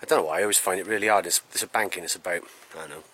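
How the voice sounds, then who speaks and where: A man's voice: deep voice, racing, bright, forceful tone, slightly rough. A man, chatting casually and out of breath while camping in a wood. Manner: chatty, rambling, self-deprecating. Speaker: camping vlogger. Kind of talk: casual vlog talk to camera. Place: outdoors in woodland. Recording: faint outdoor noise.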